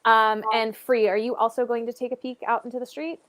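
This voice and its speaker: High-voiced woman game master, rambling. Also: level tone, brisk, fairly bright tone, dry recording. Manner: rambling, loose, many fillers. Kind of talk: narrating a tabletop game.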